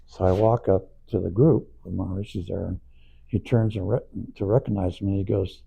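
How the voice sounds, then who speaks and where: An older man being interviewed, rambling through anecdotes with frequent chuckles, his voice gravelly. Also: low voice, fairly even intonation, brisk, lo-fi sound. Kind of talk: anecdotal storytelling.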